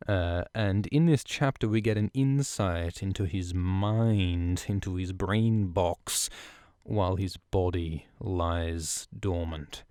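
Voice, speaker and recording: A podcast host, male, with a low and smooth voice, chats his way through a book chapter with loose, joking enthusiasm. It's recorded close and dry on a studio mic, with no room sound. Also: takes it slowly, darkish tone, dry recording. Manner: irreverent, swearing, enthusiastic. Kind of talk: casual book-chapter recap.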